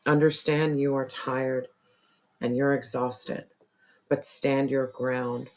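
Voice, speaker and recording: A tarot reader losing their voice, who keeps clearing their throat and talks earnestly and repetitively straight to the viewer. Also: mid-range voice, level tone, slow. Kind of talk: casual spiritual tarot reading to camera.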